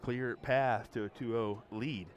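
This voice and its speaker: A man doing live darts commentary with relaxed, easygoing banter. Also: mid-range voice, unhurried, dull audio.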